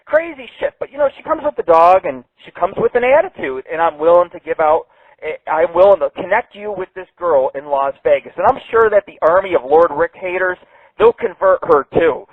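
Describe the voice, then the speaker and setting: A man's voice: sits high, animated, a little fast, husky, no room sound. A man hosting an internet radio show, ranting brashly and swearing a lot. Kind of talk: profane call-in radio rant. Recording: tinny phone-like dry sound.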